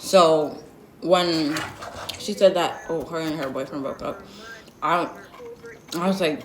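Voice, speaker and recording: A woman's voice: deep voice, slow, long pauses. Sassy young woman telling a story, roomy sound. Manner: blunt, sassy and slangy, with lots of asides. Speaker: vlogger. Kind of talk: storytime vlog, casual gossip. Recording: roomy echo.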